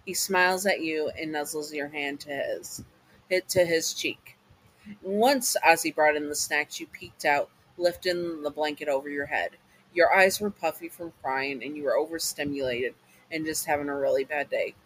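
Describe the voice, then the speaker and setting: A man reading a fan fiction comfort story aloud in a casual way, halting often to restart and apologize. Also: fairly high pitch, fairly bright tone, poor audio.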